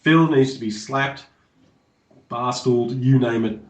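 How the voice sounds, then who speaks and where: A man's voice: mid-range voice, steady tone, unhurried. A man co-hosting a podcast, teasing and bantering in casual sports chat. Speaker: podcast co-host. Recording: roomy echo.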